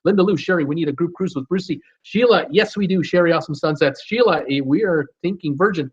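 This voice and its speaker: A man's voice: a little high, fast, breathy edge. A man hosting a live stream, reading viewer comments aloud and answering them in an upbeat way with many fillers. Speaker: host of a live cruise show. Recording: dull lo-fi stream audio.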